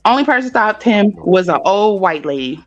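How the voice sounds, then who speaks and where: A woman co-hosting a casual chat, spinning animated stories with plenty of swearing. Her voice sits at an ordinary pitch for a woman. The audio is slightly muffled. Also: moderate pace, no echo. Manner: animated, profane storytelling.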